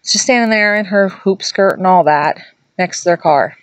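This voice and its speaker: A middle-aged woman vlogger casually telling a ghost story to camera, rambling with asides and restarts. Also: moderate pace. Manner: acts out quoted voices in a higher pitch.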